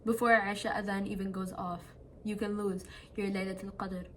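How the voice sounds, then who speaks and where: A woman's voice: mid-range voice, level tone, moderate pace, a bit bright, a little hiss or hum. Chatty young woman talking to her phone. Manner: chatty, many "like" fillers, earnest. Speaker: vlogger. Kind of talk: casual late-night chat to camera. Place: at home, seated indoors at night. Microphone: phone camera.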